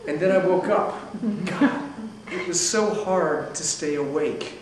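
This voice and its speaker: Wry male storyteller, high voice; recorded from afar in a very echoey theater. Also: a little slow, noisy background. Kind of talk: live stage storytelling. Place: theater stage. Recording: echoey theater, distant mic.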